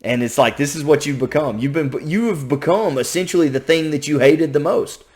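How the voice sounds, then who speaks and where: A man with a Southern American accent, hosting a reaction video and thinking out loud, often repeating himself. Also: fairly high pitch, a little fast. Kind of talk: casual reaction commentary.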